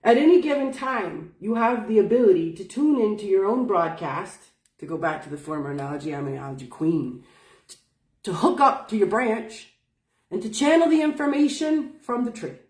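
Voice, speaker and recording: A woman's voice: mid-range voice, lively intonation, moderate pace, darkish tone, distant mic. A woman teaching spiritual wellness in casual talk, folksy and emphatic, swearing freely. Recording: roomy sound from off-mic.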